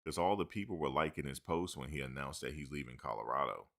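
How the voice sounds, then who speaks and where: A man's voice: extremely low pitch, quick pace, creaky, fairly bright tone. A man hosting a sports talk show, rambling casually with slang and joking asides.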